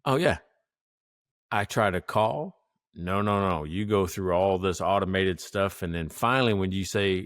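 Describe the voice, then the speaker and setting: A man co-hosting a podcast, telling a story in a casual, animated way, acting out what people said and laughing often. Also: sits low, a little slow, dry recording, studio quality. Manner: animated, acts out quotes, laughs often, swears. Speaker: podcast co-host.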